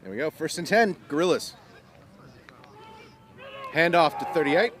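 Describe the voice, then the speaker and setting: A man's voice: fairly high pitch, expressive, a little slow, background noise. Man calling a local football game. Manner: explains rules to newcomers, casual. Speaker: play-by-play commentator. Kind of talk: live amateur football commentary. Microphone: live stream mic.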